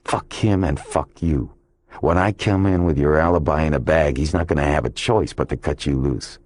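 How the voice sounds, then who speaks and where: A man's voice: rumbling low, normal speed, darkish tone, dry recording. A man voicing a sneering, bullying detective. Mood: taunting. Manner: sneering and mocking. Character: bullying, taunting male police detective.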